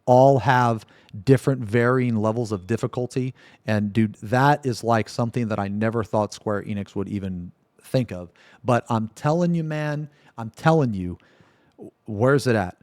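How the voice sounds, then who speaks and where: A man's voice: mid-range voice, moderate pace, darkish tone. A male streamer delivering a heated rant to his live chat, pressing each point and checking in constantly. His voice sits in a middle register. The sound is dry and close, with no room echo. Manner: emphatic, keeps asking "okay?", swears freely. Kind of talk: ranting live-stream commentary.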